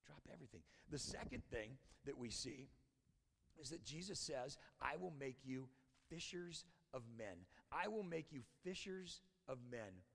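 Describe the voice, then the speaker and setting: A man preaching a conversational sermon as a church pastor, often dropping to a hushed, intense tone. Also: medium pitch, lively intonation, unhurried, creaky, long reverb tail, a little hiss or hum. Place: church sanctuary.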